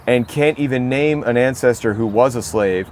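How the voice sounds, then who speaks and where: Brief: American podcast co-host, midrange voice, easy rambling storyteller, faint traffic outside. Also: male voice, medium pitch, moderate pace. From United States. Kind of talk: casual conversation.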